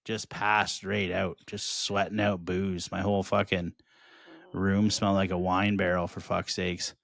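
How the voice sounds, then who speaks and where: A man with a lowish voice trades stories on a comedy podcast, swearing freely and breaking into laughter. The sound is close and dry, with no room around it. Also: little pitch movement, measured pace, gravelly, fairly bright tone, no echo. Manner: profane storytelling, laughs often. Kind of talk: casual chat.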